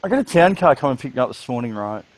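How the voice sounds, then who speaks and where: A man's voice: mid-range voice, sing-song, very fast, no room sound. A man with an Australian accent, chatting casually and rambling, with crude jokes. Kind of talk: casual chat.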